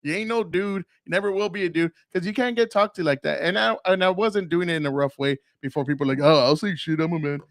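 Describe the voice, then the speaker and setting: Blunt, profane man with a higher voice. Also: fast talker, hardly any pauses, no room sound, studio quality. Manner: tells stories by mimicking others. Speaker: podcast host. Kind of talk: casual monologue.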